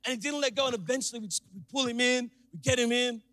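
A young man preaching a sermon, telling a story with animated, acted-out quotes. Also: quick pace. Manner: animated, acts out quotes with big pitch jumps. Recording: long hall reverb.

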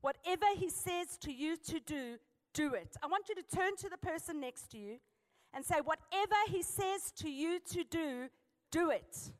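A South African woman preaching a sermon, telling a personal story with lively, emphatic exhortation. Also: extremely high pitch, normal speed, long reverb tail.

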